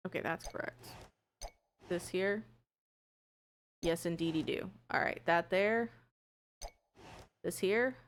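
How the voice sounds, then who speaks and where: A young adult woman streaming a game, chatting casually with viewers, swearing and bursting out excitedly. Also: lowish voice, takes it slowly, long pauses. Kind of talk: casual live gameplay chat.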